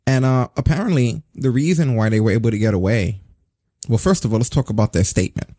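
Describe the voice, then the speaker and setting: A man hosting a casual wrestling news chat, sarcastic and animated, swearing as he rants. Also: medium pitch, fast talker, no room sound, studio quality. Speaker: podcast host.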